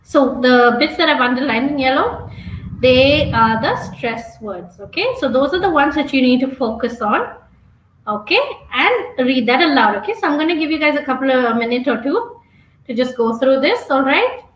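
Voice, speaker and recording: High-voiced woman coaching a webinar. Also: expressive, moderate pace, a bit bright, echoey room, a little hiss or hum, poor audio. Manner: coaching, checks in with frequent "okay?". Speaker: exam prep trainer. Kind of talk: online webinar teaching.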